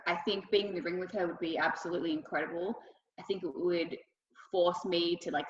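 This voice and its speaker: A woman's voice: fairly low pitch, fairly bright tone, muffled recording. Enthusiastic young Australian woman, echoey. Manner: enthusiastic, filler-heavy, effusive. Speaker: wrestler. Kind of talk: casual interview answers.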